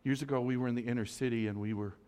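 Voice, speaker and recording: Brief: male preacher of middle pitch telling a story from the pulpit, intense and dynamic, dropping to a hush. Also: fairly even intonation, rapid-fire, clear, resonant tone. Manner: dramatic, swings from loud urgency to soft hush. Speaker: pastor. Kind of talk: sermon storytelling.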